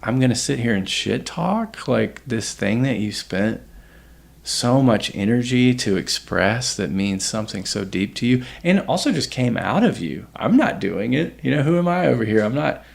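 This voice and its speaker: A man talking casually as a podcast guest, reflective and halting, restarting his sentences often. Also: medium pitch, lively intonation, creaky. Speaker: podcast guest, host's partner. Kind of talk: casual conversation.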